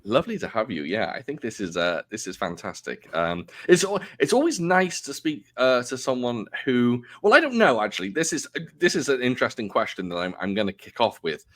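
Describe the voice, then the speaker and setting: A man's voice: mid-range voice, animated, a little fast, few pauses. A man hosting a casual interview podcast, rambling a little and interrupting himself with fillers. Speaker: podcast host.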